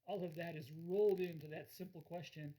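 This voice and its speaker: A man's voice: on the high side, steady tone, a little fast, dark tone, poor audio. A man lecturing in a recorded course, explaining ideas through everyday examples and acting out the quoted lines.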